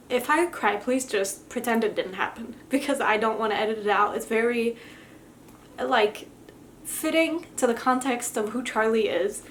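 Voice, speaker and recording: Young adult woman, book vlogger, slightly high voice, effusive and heartfelt, faint ambience behind. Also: measured pace, fairly bright tone, a little hiss or hum. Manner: effusive and heartfelt, gushing with emotion. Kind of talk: casual book review.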